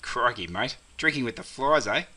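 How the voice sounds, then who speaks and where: A man voicing an easygoing Australian male mate who invites a friend over, talking in quick breezy slang with an Australian accent. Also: medium pitch, expressive, bright, forceful tone, slightly rough, full character voice.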